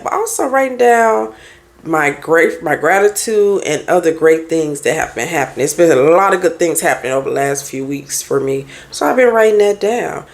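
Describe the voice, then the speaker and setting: A woman therapist and life coach talking candidly in a casual podcast monologue, firing off rhetorical questions to her listeners. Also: lowish voice.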